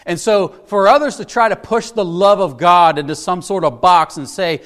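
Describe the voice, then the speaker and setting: Male preacher with a higher voice, emphatic teaching sermon delivery. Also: a bit bright. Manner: earnest, emphatic, slows down on scripture verses; teaching, with frequent "right?" asides.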